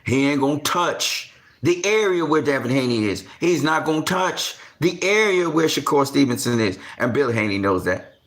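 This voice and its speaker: A man's voice: lively intonation, normal speed. A man giving casual boxing commentary, repeating himself and piling on slang as he rants in disbelief. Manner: repetitive, exasperated rants with slang; gets louder and higher when worked up. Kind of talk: animated boxing talk.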